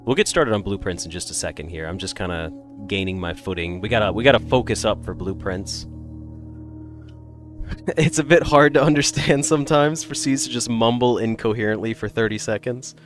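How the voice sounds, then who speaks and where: A man with an American accent, a little congested, chatting casually with viewers in a rambling, animated way. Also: fairly low pitch, fairly quick, soft background music. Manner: animated, rambling, swings between loud bursts and mutters. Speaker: streamer.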